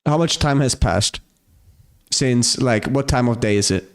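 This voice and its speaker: A man playing a tabletop game, haltingly describing his character's actions. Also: mid-range voice, clear, resonant tone. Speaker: player.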